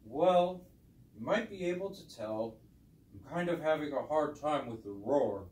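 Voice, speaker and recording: A woman voicing a cheerful, earnest female owl puppet in a children's skit, who breaks into high hoots. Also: lively intonation, a little slow, a little mellow, slight background noise. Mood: discouraged. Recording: roomy sound from a distant mic.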